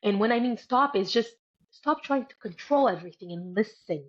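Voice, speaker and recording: A woman's voice: fairly high pitch, animated, normal speed, muffled recording. A woman guest in an interview, speaking earnestly and emphatically about moving through hard times, repeating key words for stress. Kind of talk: motivational interview talk.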